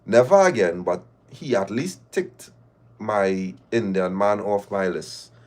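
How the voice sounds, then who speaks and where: A man's voice: on the low side, slow, a little mellow. A man, hosting a live show and reading listener stories aloud with laughing, mock-outraged asides.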